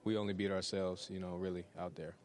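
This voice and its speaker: A young male pro football player answering press questions in a relaxed way, full of "you know" fillers. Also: low voice, fast, heavy background noise. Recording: crowd chatter behind.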